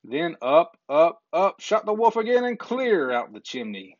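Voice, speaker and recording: A man reading a children's story aloud in a gentle, measured way, with small slips now and then. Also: high-pitched, very animated, dry recording. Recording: dull lo-fi recording.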